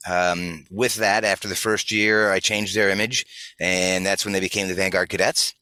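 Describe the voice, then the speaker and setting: A man being interviewed as a guest, calmly recounting his career in a reflective, steady way. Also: sits low, normal speed, smooth, dry recording. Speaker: interview guest, corps director. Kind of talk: casual interview chat.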